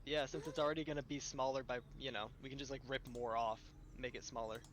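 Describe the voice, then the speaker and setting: A man's voice: mid-range voice, little pitch movement, fast talker, slight background noise. A man playing a tabletop game, chatty and rambling as he talks. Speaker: player. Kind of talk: casual tabletop game chat.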